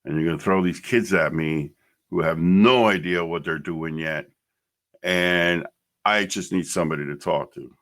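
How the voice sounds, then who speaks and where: A man's voice: deep voice, normal speed, fairly bright tone. A middle-aged man hosting a podcast, telling his own story bluntly and emotionally, swearing freely. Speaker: podcast host. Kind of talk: personal storytelling monologue.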